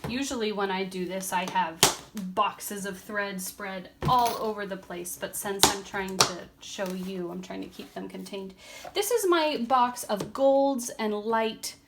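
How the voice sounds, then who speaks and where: A woman vlogger giving a casual, chatty craft tutorial at home, relaxed, with frequent ums and a tired, yawning edge. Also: medium pitch, unhurried, very noisy. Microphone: camera on a tripod.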